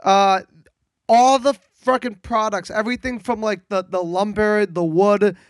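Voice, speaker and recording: A man's voice: sits high, fairly even intonation, unhurried, no echo. A young man co-hosting a casual podcast, rambling with many restarts and some swearing. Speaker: podcast co-host. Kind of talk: casual chat.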